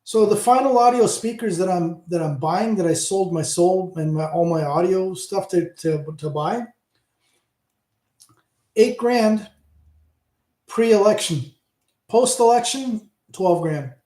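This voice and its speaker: Having had a few drinks, this Canadian livestream host in his fifties, from Hamilton, Ontario, rambles and curses through a casual chat with viewers. His voice is fairly high but warm and mellow, he takes it slowly with long pauses, and the room echoes.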